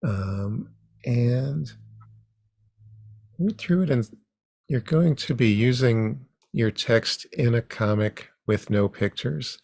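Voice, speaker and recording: A man teaching an online comics workshop over a video call, unhurried and halting, with frequent ums. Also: medium pitch, vocal fry, darkish tone, no room sound, clean studio sound.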